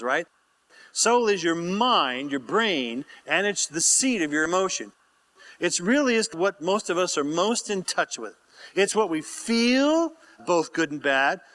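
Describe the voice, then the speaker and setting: Lively high-voiced male preacher. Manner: animated, prompts congregation to answer; reads scripture aloud with asides. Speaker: pastor. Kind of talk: sermon.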